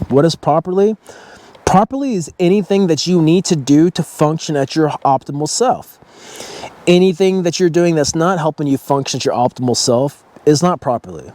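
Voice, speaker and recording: Speaking in a slightly high, somewhat mellow voice, this vlogger talks casually to his viewers about breathing. His motivational style is blunt and he swears freely.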